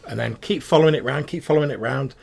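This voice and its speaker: Man doing a squeaky, fawning rat-faced goblin merchant. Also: fast, vocal fry, a little mellow. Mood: chatty. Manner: eager, stammering salesman patter.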